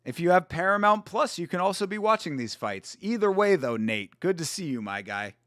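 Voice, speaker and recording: A man's voice: high voice, sing-song, fairly quick, fairly bright tone, no echo, studio quality. A young man hosting a live fight watch-along stream, chatting casually, swearing and greeting viewers by name.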